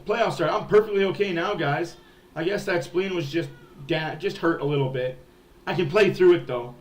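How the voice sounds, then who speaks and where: A whiny, put-upon grown man who claims to be badly hurt, his pitch climbing high as he plays up the excuse, as a man mimics him sarcastically. The tone is mocking and nasal-whiny, in the rhythm of a sports livestream rant. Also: distant mic, lightly acted. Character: whiny mocking adult male hockey player faking injury.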